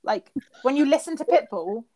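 A woman's voice: high voice, animated, normal speed, warm tone. A married woman from England co-hosting a podcast over a call, rambling and self-deprecating as she chats. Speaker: podcast co-host. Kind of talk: casual chat. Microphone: remote call.

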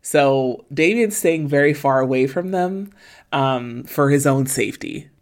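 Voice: mid-range voice, lively intonation, unhurried. Podcast co-host, mid-range voice, casual, emphatic, chatty asides. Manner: chatty and emphatic, with asides like "okay?" and "come on now". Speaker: podcast co-host recapping a TV series. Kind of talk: casual chat.

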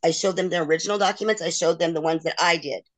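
Speaking fast in a lowish voice, a middle-aged woman being interviewed tells the story of a long personal ordeal. She's candid and emotional, and she acts out the words of people she quotes.

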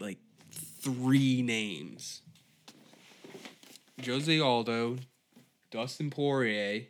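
Dude ranting alone on his podcast, cussing a lot, rambly and fed up, normal pitch. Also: fairly bright tone. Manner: profane, rambling, exasperated. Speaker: podcast host. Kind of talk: solo comedic rant.

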